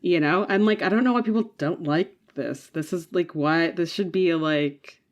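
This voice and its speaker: A woman's voice: lowish voice, moderate pace. A woman co-hosting a podcast, chatting casually and animatedly about a movie, laughing often and using lots of "like" fillers. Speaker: podcast co-host. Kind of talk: casual chat.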